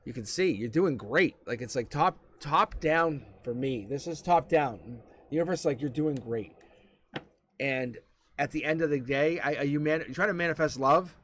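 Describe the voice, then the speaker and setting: A man's voice: fairly high pitch, normal speed, slight background noise. A man giving a live-stream tarot reading, talking bluntly and with plenty of profanity as he tells stories to the viewer. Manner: blunt, profane, animated storytelling. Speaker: tarot reader.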